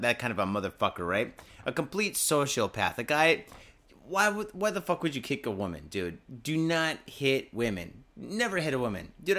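A man with a medium-pitched, bright, forceful voice hosts a casual podcast, drinking booze as he talks. He rambles in a laid-back, profane way while reading out news stories.

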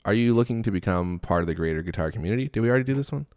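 A man's voice: lowish voice, lively intonation, very fast, darkish tone, dry recording, clean studio sound. A man co-hosting a casual podcast, playful and laughing as he reads listener reviews aloud. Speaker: podcast co-host. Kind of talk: casual chat.

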